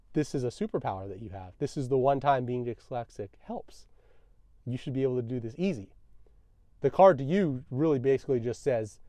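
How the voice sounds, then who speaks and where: A young man spins a road-trip yarn in an easygoing, wry tone, poking fun at himself. His voice is mellow and dark, and the sound is close and dry. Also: medium pitch, dry recording. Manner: relaxed, self-deprecating, wry. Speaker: vlogger. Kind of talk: casual storytelling.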